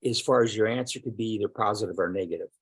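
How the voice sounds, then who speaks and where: A man's voice: on the low side, rapid-fire, slightly rough, no room sound. A man who is a student in a small Latin class, chatting casually and asking questions.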